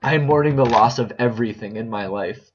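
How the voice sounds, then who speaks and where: A man speaking a reflective personal monologue to camera, earnest and halting, repeating phrases as he searches for words. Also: medium pitch, slight background noise. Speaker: vlogger sharing a personal update. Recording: dull lo-fi recording.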